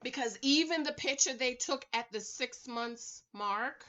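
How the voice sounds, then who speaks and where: A woman's voice: high-pitched, unhurried, pushed and bright. A woman recording a casual, sassy recap vlog at home, chatting to her viewers and calling them y'all, honey and girl. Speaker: reality TV recap vlogger.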